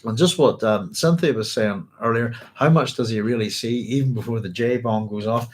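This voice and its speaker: A man's voice: mid-range voice, moderate pace. A man hosting a casual book club discussion from home, chatty and rambling, laughing easily.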